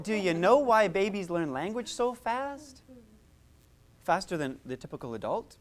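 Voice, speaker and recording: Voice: medium pitch, sing-song, a little slow, a crowd in the background. A music therapist leading a live workshop, coaching participants through vocal exercises in an encouraging, chatty way with frequent asides.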